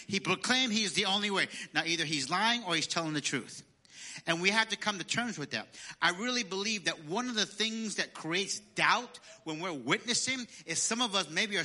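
Bright-voiced preaching pastor. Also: male voice. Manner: preaching with call-and-response prompts; rises louder and higher when quoting scripture. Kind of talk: sermon.

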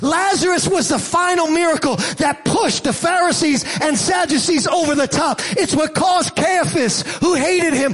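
A man preaching a sermon as a church pastor, moving from quiet reflection to shouted, rising passages. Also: extremely high pitch.

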